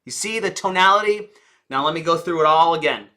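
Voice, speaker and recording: A man teaching public speaking with a bright, ringing voice. He leans hard on key words and fires off rhetorical questions. He often sinks to a low, quiet tone for effect. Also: fairly quick. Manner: dramatic emphasis, drops voice low and soft for effect. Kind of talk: presentation skills lesson.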